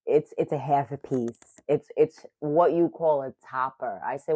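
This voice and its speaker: Low-voiced woman in her thirties, swearing. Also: unhurried, husky, dry recording. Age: 30s. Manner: profane, animated and self-mocking. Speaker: vlogger. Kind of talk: casual storytelling to camera. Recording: muffled lo-fi audio.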